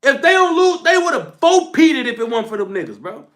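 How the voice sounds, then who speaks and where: A man's voice: very high-pitched, very animated, a little fast, a bit bright. A young man hosting a livestream, speaking as he scolds his chat in a heated, repetitive, slangy rant. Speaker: livestream host.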